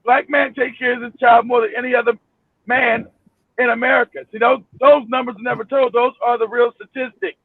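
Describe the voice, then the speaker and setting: A man telling his story in a heated talk-show discussion, animated, emphatic and swearing freely. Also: very high-pitched, fairly quick, creaky, no room sound. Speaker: panel guest. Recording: tinny phone line.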